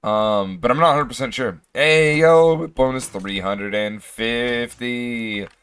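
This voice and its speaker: A man with a hoarse voice, chatting casually while he streams a game, rambling and often clearing his throat. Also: on the low side, unhurried, fairly bright tone. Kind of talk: casual livestream chat.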